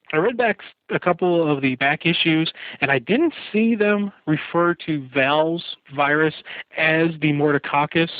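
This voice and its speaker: A man's voice: fairly high pitch, dry recording. A man co-hosting a casual podcast, recapping at length with light laughs. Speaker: podcast co-host. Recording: tinny phone-line sound.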